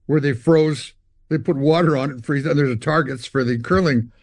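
On the high side and a little fast, this older Canadian man's voice comes through with no room sound. He's a musician guest in a storytelling interview, animatedly relating long anecdotes full of acted voices and guitar imitations.

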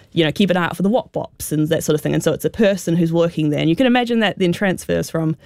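A woman's voice: lowish voice, darkish tone, no echo, studio quality. A woman with a New Zealand accent, a guest expert explaining slang in a radio interview, talking with many fillers like "sort of" and "um".

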